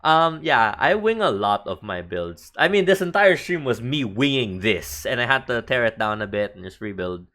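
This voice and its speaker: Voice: mid-range voice, sing-song, normal speed, hardly any pauses, fairly bright tone. A streamer from the Philippines with a Filipino accent, chatting casually and thinking aloud while building in a game.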